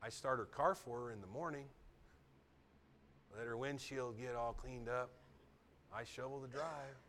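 A middle-aged man preaching a sermon as pastor, dropping to soft, near-whispered asides and then building to loud, emphatic repetitions. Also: mid-range voice, measured pace, slight background noise.

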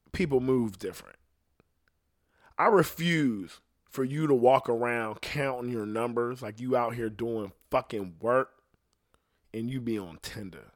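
Man, middle-aged, profane casual rant, rambling storyteller, mid-pitched voice. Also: a bit bright. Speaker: podcast host.

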